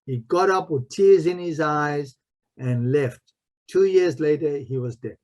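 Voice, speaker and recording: A man who is both a martial arts master and a spiritual mentor recounts stories in a podcast interview, repeating key phrases for emphasis. He has a slightly high, slightly mellow voice and a measured pace.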